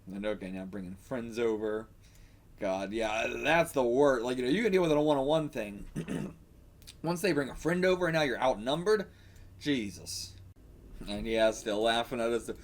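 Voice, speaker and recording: A chatty man hosts a casual manga reaction, his voice sitting at an ordinary middle pitch. His intonation is lively and swings widely as he reads and comments. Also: moderate pace. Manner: animated, chatty. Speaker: reaction channel host.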